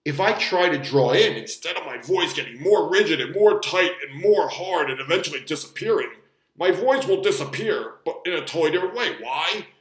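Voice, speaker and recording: A man's voice: a little high, lively intonation, a little fast, fairly bright tone, echoey room. A man talking as a fitness coach, rambling casually and cursing now and then as he explains and demonstrates a technique. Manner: rambling, swears casually, demonstrates strained voice while bracing.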